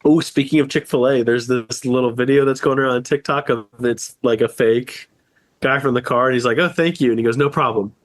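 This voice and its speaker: A man's voice: mid-range voice, flat delivery, a little fast, no room sound. A man under the weather co-hosting a casual podcast, rambling through anecdotes, acting out quotes and laughing often. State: sick, just woke up. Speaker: podcast co-host. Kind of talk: casual chat.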